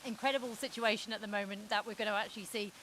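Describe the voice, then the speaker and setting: A woman's voice: medium pitch, steady tone, racing, a bit bright, a little hiss or hum, poor audio. A woman presenting a live broadcast, upbeat and chatty as she guides viewers on a walk through a busy mission-control building.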